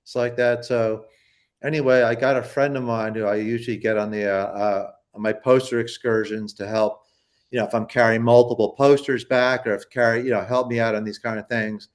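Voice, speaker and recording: A man's voice: mid-range voice, fairly even intonation, brisk. A man, a poster collector, telling a long story in a casual interview, rambling with many restarts and acting out quoted people.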